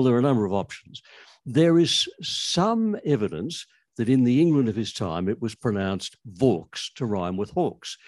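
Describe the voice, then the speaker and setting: With a mid-range, slightly mellow voice in a dry recording, an older Australian man shares anecdotes about language history. He's a writer on the subject, and his delivery is chatty with many restarts.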